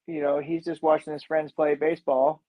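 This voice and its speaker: A podcast co-host recaps a movie casually in a slightly high, level voice at normal speed, with the highs cut off. He rambles, says "you know" a lot, and acts out the characters' lines.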